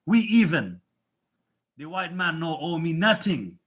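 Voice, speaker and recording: A man's voice: fairly high pitch, very animated, unhurried, fairly bright tone, slightly rough, pitched above the performer's own voice, heavily acted. A man voicing a blunt, matter-of-fact Haitian man in clipped, broken English. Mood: emphatic.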